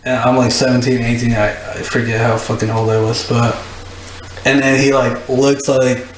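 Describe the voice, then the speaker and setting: A man's voice: mid-range voice, level tone, moderate pace. Young man telling a rambling story. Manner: rambling, laughs often, full of "like". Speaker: guest DJ. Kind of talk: casual storytelling. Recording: echoey room with faint noise.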